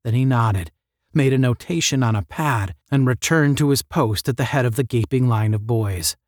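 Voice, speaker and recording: A man reading a 1950s space-adventure novel aloud as narrator, with measured storytelling. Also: medium pitch, dry recording, studio quality.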